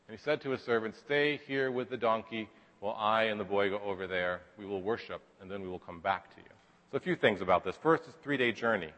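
A man's voice: medium pitch, a bit bright, long reverb tail. A man teaching a Bible lesson in a casual, chatty way, full of asides and rhetorical questions.

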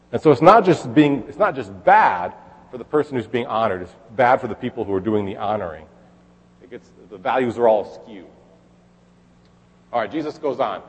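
A man's voice: mid-range voice, a little mellow, husky, long reverb tail, rough recording. A man preaching a sermon in a casual, conversational way, reading scripture aloud and then explaining it. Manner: conversational, with fillers and restarts, reads scripture aloud. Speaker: pastor.

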